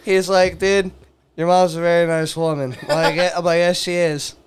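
A man's voice: a little high, flat delivery, moderate pace, clear, resonant tone. A young man telling a rowdy story in casual chat, swearing and laughing and acting out the people he quotes. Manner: profane, laughing, acts out quoted voices.

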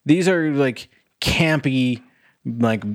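A young man co-hosting a podcast and reviewing a film in loose, casual chat. He rambles, packs his sentences with filler words, swears freely and laughs often. The sound is dry and close, at a middle pitch. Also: very slow, dry recording. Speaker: podcast co-host.

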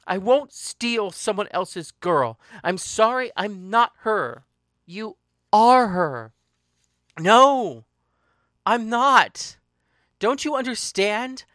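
A storyteller voicing a distraught young woman who pleads slowly and insistently that she is not the person mistaken for her. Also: mid-range voice, sing-song, a bit bright, dry recording, clean studio sound. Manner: pleading, insistent, slow and emphatic. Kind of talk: dramatic audiobook reading.

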